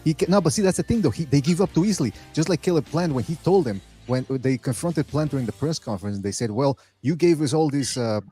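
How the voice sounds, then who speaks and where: A man co-hosting a boxing debate show, loud and taunting, repeating his insults over and over. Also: a little high, lively intonation, fast, hardly any pauses, faint music behind. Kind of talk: heated debate.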